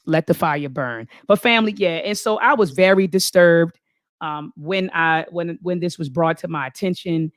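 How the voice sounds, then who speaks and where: A woman's voice: lowish voice, normal speed, no room sound, studio quality. A woman hosting a live online talk, reading viewer comments aloud and speaking with fervent, preacher-like conviction, often calling the audience "family". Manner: thinks aloud, restarts and repeats phrases.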